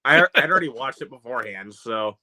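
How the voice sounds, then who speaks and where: A man's voice: medium pitch, lively intonation, brisk, sharp tone, dry recording. A man chatting casually on a video call, laughing often and hesitating with fillers. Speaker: host of a video call hangout. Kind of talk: casual chat.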